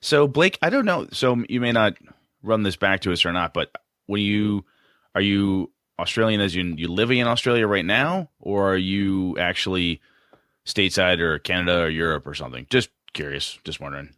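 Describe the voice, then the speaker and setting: Deep-voiced man who rambles and hedges. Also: moderate pace, fairly bright tone, dry recording, clean studio sound. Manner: rambling, hedging, with many restarts. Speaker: podcast co-host. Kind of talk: casual podcast chat.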